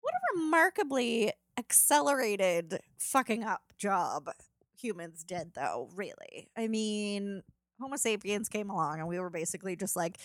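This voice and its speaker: A woman's voice: medium pitch, sing-song, unhurried, no echo, clean studio sound. A young woman co-hosting a casual chat, sarcastic and swearing, acting out the voices of people she quotes.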